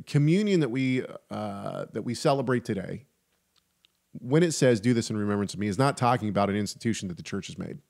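A man's voice: mid-range voice, creaky. A man co-hosting a podcast in casual theological chat. He rambles, restarts sentences and drops joking asides. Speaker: podcast co-host.

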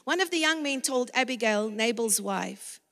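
High-voiced woman preaching in a hall. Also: expressive, normal speed, creaky, fairly bright tone. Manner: dramatic, acts out the characters' lines; talks directly to women in the audience. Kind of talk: sermon.

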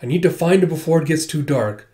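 A man's voice: a little high, fast, warm tone, natural voice. A man voicing a frantic young boy who is urgently searching for his friend while reading a comic aloud. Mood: anxious.

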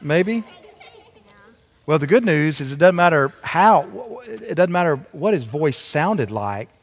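A chatty pastor talks with children during a church service and keeps asking them questions. His voice sits somewhat high for a man. A long reverb from the sanctuary trails behind every word. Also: sing-song, takes it slowly. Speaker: pastor leading a children's moment. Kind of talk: children's sermon and prayer.

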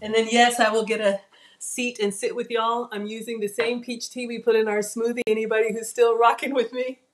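A woman hosting a live-streamed cooking class from a home kitchen, chatty and excitable, talking straight to her viewers. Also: on the high side, a little fast, background noise.

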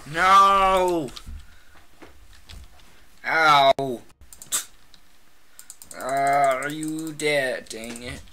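Excitable gamer with a very bright voice. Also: medium pitch, very slow, long pauses. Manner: excitable, trash-talking, frequent shouted outbursts. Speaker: gamer playing a shooter. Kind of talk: casual gameplay commentary.

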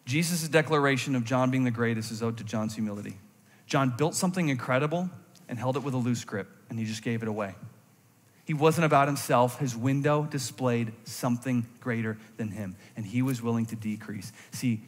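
A man preaching a sermon in a church, animated, moving between intense emphasis and quiet reflective moments. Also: mid-range voice, a little fast. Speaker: pastor. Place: church sanctuary. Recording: long hall reverb from a church sanctuary.

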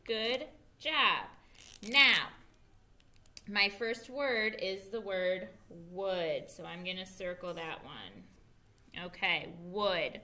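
A woman teacher giving an early reading lesson to young children, spelling words out slowly and praising them. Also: medium pitch, pushed and bright. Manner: slow, clear spelling aloud and encouraging praise. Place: school.

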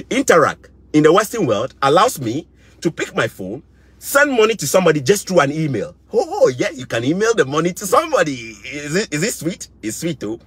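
A man's voice: on the high side, huge pitch swings, a little fast, fairly bright tone, slightly rough. A middle-aged Ghanaian man with a Ghanaian English accent, giving impassioned commentary, indignant and repeating phrases for emphasis. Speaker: vlogger.

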